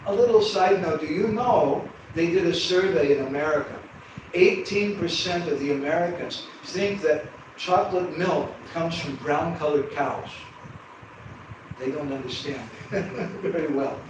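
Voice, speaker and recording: A man telling a devotional story in an animated way, with humorous asides to his audience. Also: on the high side, measured pace, muffled recording. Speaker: storyteller speaker. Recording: echoey hall from far off, background hum.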